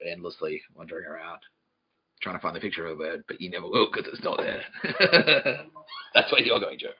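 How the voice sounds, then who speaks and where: A man hosting a comedy podcast, rambling and swearing, often laughing, swinging between mumbles and shouts. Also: deep voice, animated, fairly quick, a little hiss or hum. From Australia. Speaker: podcast host. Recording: dull lo-fi podcast audio with faint music.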